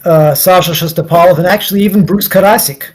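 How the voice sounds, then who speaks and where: A man's voice: sits high, fast, husky, poor audio. Chatty man telling a story. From United States. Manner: rambling, frequent restarts and laughs, acts out voices. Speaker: guest. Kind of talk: casual storytelling.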